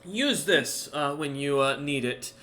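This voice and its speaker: Man playing a sly, smug adventurer, bright and raised voice, mocking tone. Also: fairly high pitch, lively intonation, measured pace, roomy sound, slight background noise. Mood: teasing. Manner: lifted, playful, mocking delivery.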